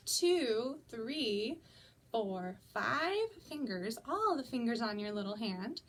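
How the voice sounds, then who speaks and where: A young woman reads a picture book to toddlers in a high, lilting voice that swoops up and down, unhurried and coaxing. A faint hum of room noise sits under her voice. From United States. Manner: sing-song, animated, coaxing children to join in. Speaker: children's librarian. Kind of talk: toddler story time reading aloud.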